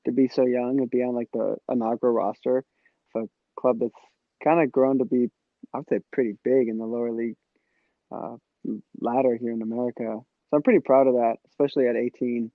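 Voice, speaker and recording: A man's voice: mid-range voice, steady tone, brisk, no room sound. Easygoing young man on a dull, dry podcast mic. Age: 20s. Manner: easygoing, laughs often, chatty with many fillers. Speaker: podcast guest, former player. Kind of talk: casual chat.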